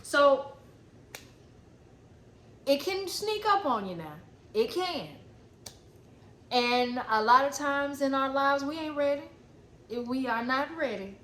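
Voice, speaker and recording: This woman, a spiritual coach, speaks slowly and animatedly in a voice that sits high and is fairly bright, pausing often. Her pep talk is blunt and emphatic, with repeated phrases and casual cursing. It's recorded in an echoey room with faint ambient noise.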